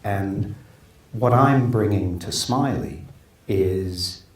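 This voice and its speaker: An actor in his fifties, with a lowish voice and an extremely slow pace, tells stories in a casual interview, rambling, restarting often, and acting out what others said. The recording has a roomy echo, a distant mic, and faint noise.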